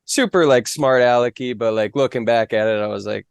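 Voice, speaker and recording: A man's voice: medium pitch, a little fast, gravelly, clear, resonant tone, no echo, studio quality. A young man from the Fargo area, a weather reporter and guest, talking in a modest, easygoing way full of "like". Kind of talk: casual interview.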